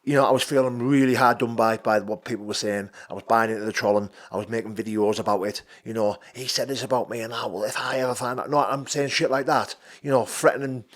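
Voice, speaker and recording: A man in his thirties with a Geordie accent, a fighter talking openly on a podcast, blunt and sweary, moving between low, quiet stretches and emphatic bursts. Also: steady tone, quick pace, few pauses. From North East England. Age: 30s. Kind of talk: casual podcast chat.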